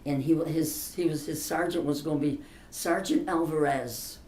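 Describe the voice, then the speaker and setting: A woman's voice: low voice, fairly even intonation, moderate pace, darkish tone. An older woman spins family stories in a chatty, emphatic way. She sits back from the mic in a room that echoes. A faint hiss runs underneath. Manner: chatty, emphatic, laughs through her stories. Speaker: interviewee. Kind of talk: casual storytelling interview. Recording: roomy, distant mic, faint background hiss.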